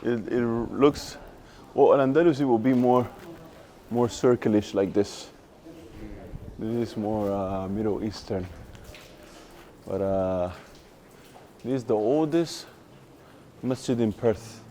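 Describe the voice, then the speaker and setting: A man's voice: fairly low pitch, takes it slowly, long pauses, dark tone, a little hiss or hum. A young man vlogging casually, telling laid-back, slangy stories and laughing along. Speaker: vlogger and Arabic teacher. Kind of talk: casual storytelling vlog.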